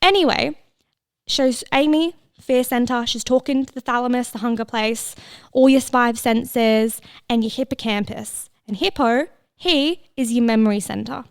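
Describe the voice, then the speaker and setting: Her voice is a little high and smooth, moving at a normal speed as she chats and laughs through a casual solo podcast, swearing freely and occasionally dropping to a whisper. The sound is clean studio audio with no room sound, captured close-up for people listening on headphones.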